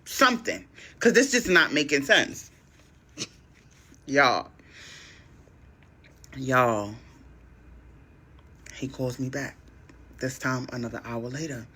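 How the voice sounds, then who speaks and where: A woman telling a dating story on a talk show, slangy and expressive, acting out both sides of each conversation. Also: a bass voice, slow pace, long pauses, breathy edge. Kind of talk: animated story time.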